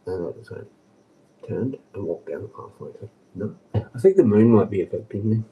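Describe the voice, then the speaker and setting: A man rambling on a casual livestream, agitated and swearing, dropping to mutters and then jumping up in pitch. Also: lively intonation, normal speed, phone-quality sound. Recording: distant from the mic.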